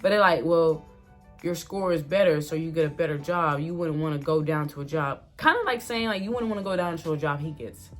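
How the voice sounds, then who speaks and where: A young woman with a slightly low voice rambles through a personal story for her channel, packing her talk with "like" and "you know" and acting out what everyone said. A faint bed of music sits behind her speech. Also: fairly quick. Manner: animated, full of fillers, quotes herself and others. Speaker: vlogger. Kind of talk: casual storytime. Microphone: phone or camera mic.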